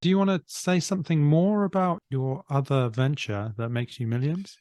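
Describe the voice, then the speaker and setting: A man's voice: a little high, moderate pace, dark tone, dry recording, clean studio sound. A man hosting a casual podcast chat, reading aloud from an article and prompting with tag questions. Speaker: podcast host.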